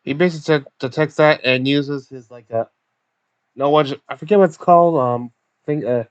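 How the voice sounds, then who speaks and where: A man's voice: fairly high pitch, normal speed, smooth, dry recording, muffled recording. A man casually recapping a tabletop game session, stumbling over words with many fillers and restarts. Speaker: recap narrator.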